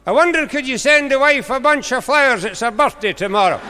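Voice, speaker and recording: As a man puts him on, an old Scottish farmer speaks in a high, thin voice, polite and full of hesitant pauses. His broad Scottish accent carries through a long, echoing concert hall. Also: animated, very noisy. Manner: halting, with drawn-out hesitations.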